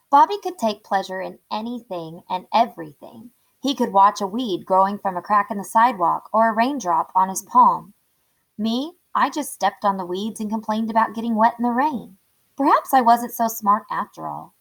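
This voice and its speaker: A woman reading a children's chapter book aloud in a clear, steady storytelling voice. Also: medium pitch, moderate pace, poor audio.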